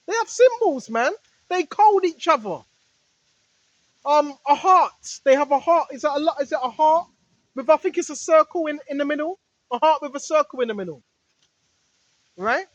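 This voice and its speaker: A woman's voice: high-pitched, dry recording, dull audio. A woman preacher in a rambling spiritual monologue, repeating herself and firing rhetorical questions at her listeners. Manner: talks straight to listeners, now and then shouting rebukes at spirits.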